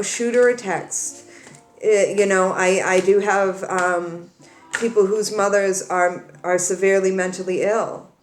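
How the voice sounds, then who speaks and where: Tearful woman tarot reader, echoey room. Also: fairly low pitch. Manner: earnest, repeats and restarts, comforting. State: crying. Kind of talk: emotional direct-to-camera talk.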